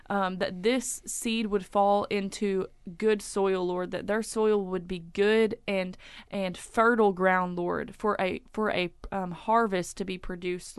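A woman's voice: mid-range voice, level tone, unhurried, few pauses, smooth, no echo. A woman leading a spoken prayer in a flowing, repetitive stream of petitions.

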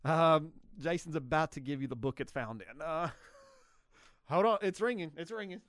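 Guy hosting a radio trivia hour, rambly and giggly, slightly high voice, dead dry sound. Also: lively intonation, moderate pace, fairly bright tone, no echo. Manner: rambling, self-correcting, laughs often. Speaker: radio show host. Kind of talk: casual radio trivia chat.

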